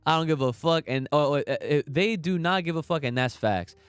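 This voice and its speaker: A man's voice: on the high side, moderate pace, clean tone, dry recording. A young man hosting a casual podcast livestream, talking emphatically in slangy, swearing rants and reading out chat comments. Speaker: podcast host.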